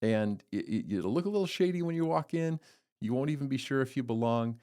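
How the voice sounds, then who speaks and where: A man hosting a devotional podcast, talking in an earnest, storytelling way with lively swings. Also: medium pitch, brisk, clear, resonant tone. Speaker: podcast host giving a devotional. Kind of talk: casual devotional talk.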